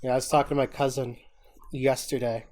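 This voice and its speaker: Man, podcast co-host, casual and reflective, mid pitch. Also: little pitch movement, brisk, darkish tone. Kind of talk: casual chat.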